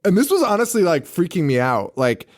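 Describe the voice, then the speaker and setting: A man's voice: sits high, very animated, a little fast. A man co-hosting a horror movie podcast, telling the plot in a loose, swearing way and acting out the characters' lines. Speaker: podcast co-host. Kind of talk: casual podcast movie chat.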